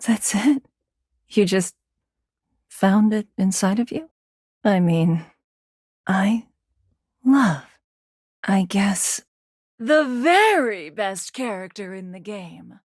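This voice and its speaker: A brash, flirty game vixen. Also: female voice, mid-range voice, animated, takes it slowly, long pauses, a little mellow, dry recording, clean studio sound. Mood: sarcastic. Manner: teasing, sarcastic, swings to insecure. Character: brash flirty self-centered female game character. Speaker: voice actor. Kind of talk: video game character dialogue. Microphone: studio microphone.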